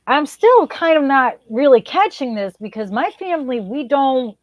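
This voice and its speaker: Animated woman co-host telling stories. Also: moderate pace, no echo. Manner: animated, incredulous storytelling with big pitch jumps. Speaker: podcast co-host. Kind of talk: casual chat.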